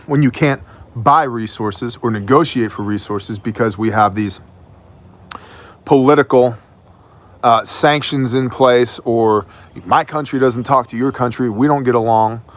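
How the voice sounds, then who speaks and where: A man hosting his own news show, delivering opinionated commentary in an emphatic, sometimes mocking way. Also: mid-range voice. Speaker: host of an independent news show.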